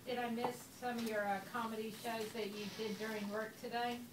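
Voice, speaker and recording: A woman's voice: fairly high pitch, little pitch movement, fairly quick. Teasing woman heard from far off. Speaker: audience member. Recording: echoey, distant room, clear noise.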